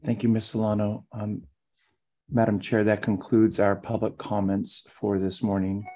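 Mellow low-voiced man running public comments. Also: little pitch movement. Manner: measured, formal. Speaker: meeting clerk. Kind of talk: formal meeting procedure.

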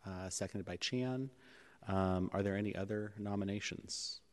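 A man's voice: fairly low pitch, moderate pace. A man chairing a public board meeting in a city hall chamber, running procedure with frequent ums and uhs. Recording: echoey chamber with long reverb.

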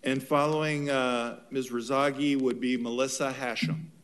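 A man chairing a council meeting, calling speakers up in a halting, procedural way. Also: mid-range voice, fairly even intonation.

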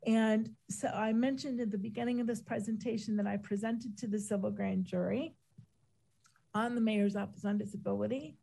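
A woman giving a measured, methodical presentation to a council as a city disability office official, with frequent ums and uhs, while she is losing her voice. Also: mid-range voice, steady tone, gravelly, mellow, low-quality recording.

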